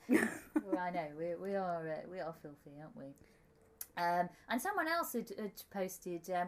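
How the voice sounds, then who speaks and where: A woman's voice: on the low side, big pitch swings, a little slow, long pauses. A woman co-hosting a casual comedic chat, giggly and rambling with lots of ums. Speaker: podcast co-host.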